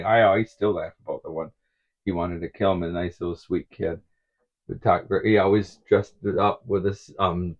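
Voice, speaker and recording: A man's voice: deep voice, breathy edge, narrow, tinny audio. A middle-aged man telling rambling stories in a casual vlog, chuckling often as he talks. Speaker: vlogger.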